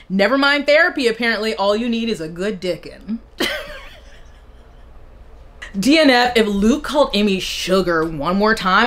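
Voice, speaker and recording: A young woman book vlogger reading out bad reviews and reacting with sarcastic, laughing commentary. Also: medium pitch. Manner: sarcastic, animated, laughs between lines.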